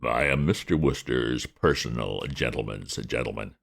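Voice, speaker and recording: A man voicing a calm, dignified valet who speaks softly and formally. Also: a bass voice, creaky, pitched below the performer's own voice, heavily acted. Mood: composed. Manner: soft, measured and formal. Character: calm dignified male valet, middle-aged.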